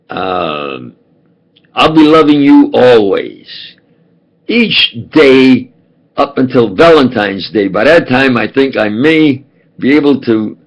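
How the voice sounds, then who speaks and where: Slow, gravelly older New York man. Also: mid-range voice, dull audio. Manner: halting, wandering, many fillers and restarts. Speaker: video blogger. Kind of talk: rambling monologue.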